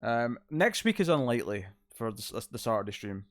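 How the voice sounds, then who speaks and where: A man's voice: medium pitch, sing-song, brisk, fairly bright tone, no echo. A man hosting a casual livestream from his couch at home, rambling and reading out chat messages. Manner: laid-back, rambling, reads chat aloud. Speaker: streamer host. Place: home living room couch. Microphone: distant mic, moves out of frame.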